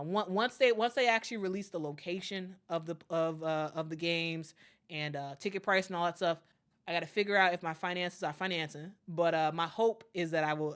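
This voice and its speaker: Chatty young woman hosting a livestream. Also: on the low side. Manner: chatty, lots of fillers and repeats; reads viewer comments aloud in a lively way. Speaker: sports channel host. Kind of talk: casual livestream chat.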